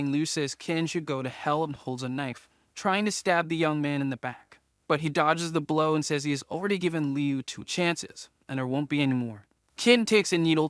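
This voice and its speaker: A man narrating a comic story recap in steady third-person scripted narration. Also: a little high, no echo, clean studio sound.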